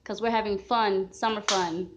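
A woman narrates a casual family vlog at a park and on the walk home, talking with her kids and laughing often. She keeps a steady tone at medium pitch and normal speed, and the noisy outdoor camera picks up outdoor ambience.

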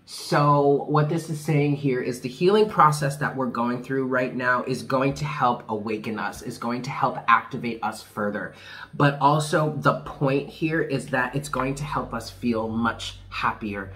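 A man's voice: medium pitch, a little slow, fairly bright tone. A man doing a casual tarot reading for viewers, chatty and candid, laughing often. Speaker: tarot reader.

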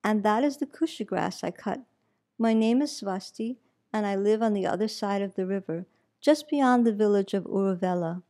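A shy, humble herd boy, voiced by a woman reading aloud who speaks politely and haltingly. The voice stays mellow and warm. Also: medium pitch, natural voice. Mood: earnest. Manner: polite, hesitant.

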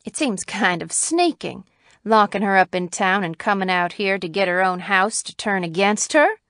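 Lady doing a stout, blunt farm wife, firm and loud, dry close sound. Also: medium pitch, animated, normal speed, no echo. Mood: forceful. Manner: firm, forthright, with a rural lilt. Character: blunt, stout-hearted farm woman, middle-aged.

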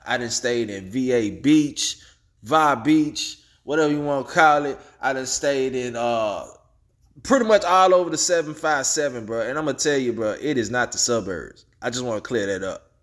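A man's voice: mid-range voice, normal speed, a bit bright. A man hosting his own commentary vlog, laid-back and profane, chuckling between remarks. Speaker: YouTube commentary host.

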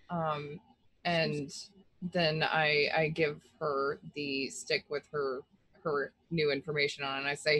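A woman player in a tabletop role-playing game describes her moves and cracks wry asides. She speaks casually in a low voice. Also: flat delivery, takes it slowly, a bit bright, rough recording.

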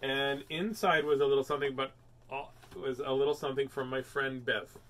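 An older man with a medium-pitched, slightly bright voice hosts a live stream reading picture books aloud. He speaks fairly quickly with fairly even intonation, staying playful and chatty and easily amused as he talks to viewers.

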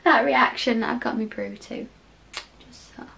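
A young woman hosting a casual reaction vlog from home. Her voice sits a little high, and she talks in a chatty, giggly, rambling way, full of "like"s. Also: measured pace, vocal fry, pushed and bright. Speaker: YouTube reaction host. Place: home, cold room.

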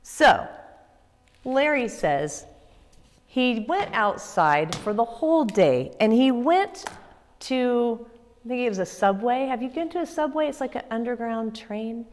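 A woman children's pastor giving a kids' church lesson, upbeat and expressive as she tells stories to children. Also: fairly high pitch, unhurried. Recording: echoey room with long reverb.

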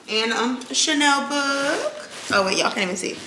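A young woman with a high voice and lively intonation chats at normal speed in a casual home vlog, calling viewers "y'all." Heavy background noise, echo, and kitchen clatter surround her.

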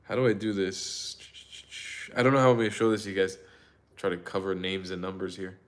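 A man hosting a casual livestream, telling stories in an excitable, profane way and laughing often. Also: low-pitched, a little fast. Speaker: livestream host.

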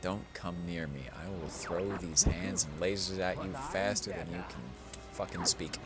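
A man's voice: low voice, steady tone, moderate pace. A man playing a video game and commenting, tipsy from drinking, rambling and swearing with mock-dramatic pleading. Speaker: let's play gamer. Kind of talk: casual let's play commentary. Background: video game music.

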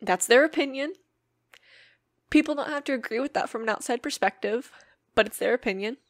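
A woman's voice: fairly high pitch, fairly quick, no room sound, clean studio sound. A woman hosting her own podcast, talking earnestly and emotionally in a personal monologue and swearing freely. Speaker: podcast host.

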